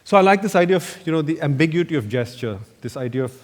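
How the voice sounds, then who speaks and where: A man's voice: fairly high pitch, expressive, fast. A man, an architect giving a slide lecture, telling loose anecdotes full of "you know" fillers. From India. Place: lecture hall. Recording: echoey lecture hall reverb.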